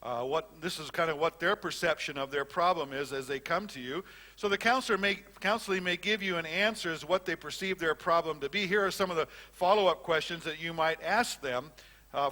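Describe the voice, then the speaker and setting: Older male lecturer, bright and forceful tone, a little high, loose conversational teaching with restarts. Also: brisk. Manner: conversational, repeats words and restarts, fillers. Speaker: Bible teacher. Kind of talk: classroom lecture on counseling.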